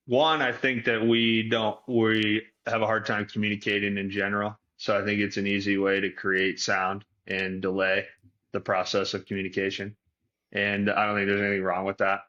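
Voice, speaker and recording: A man's voice: lowish voice, sharp tone, lo-fi sound. A man from Detroit, a performance coach, talking reflectively as a podcast guest and thinking aloud with restarts. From Detroit, Michigan.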